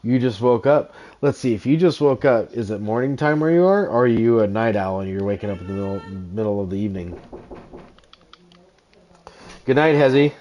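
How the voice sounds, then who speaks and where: A man hosting a game livestream in an easygoing, chatty way, joking with his viewers and often laughing between thoughts. His voice sits at an ordinary middle pitch, and he explains what he is building as he talks. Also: lively intonation, brisk, dark tone, highs cut off. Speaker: streamer. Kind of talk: casual livestream chat and gameplay commentary.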